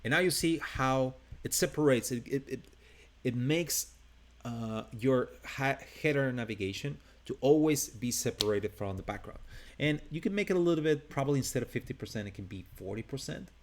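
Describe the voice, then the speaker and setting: Brief: accented male instructor, live screen-share lesson, relaxed and upbeat, mid pitch, restarts sentences. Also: moderate pace. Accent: non-native English. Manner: casual, upbeat, thinking aloud with restarts. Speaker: design instructor.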